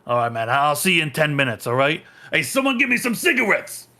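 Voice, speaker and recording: A man voicing a sweaty bearded actor fresh out of a monster costume, talking loud and fast. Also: fairly high pitch, sing-song, full character voice. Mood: breezy.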